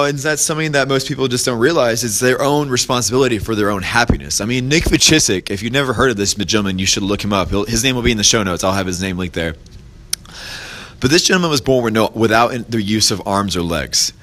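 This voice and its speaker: A man hosting his own podcast, giving a casual motivational talk, rambling with restarts and fillers and lifting his voice to act out quoted people in stories. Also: bright, forceful tone. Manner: acts out quoted voices in a higher pitch when telling stories. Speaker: podcast host.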